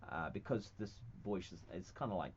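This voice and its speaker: A man's voice: low voice, lively intonation, moderate pace, slight background noise. A man with a New Zealand accent chatting casually as a guest, laid-back and self-mocking, often trailing off mid-thought. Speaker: guest comedian and actor. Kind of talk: casual chat. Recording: dull lo-fi radio studio sound.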